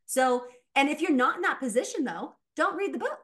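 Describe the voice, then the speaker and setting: A woman mindset coach talking casually as a podcast guest, animated and laughing often as she acts out quoted voices. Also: sits high, a little fast.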